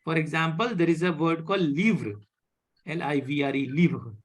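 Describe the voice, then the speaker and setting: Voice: mid-range voice, moderate pace. A French teacher, leading a live online beginner class over a video call, patiently repeating points and checking that students follow. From India.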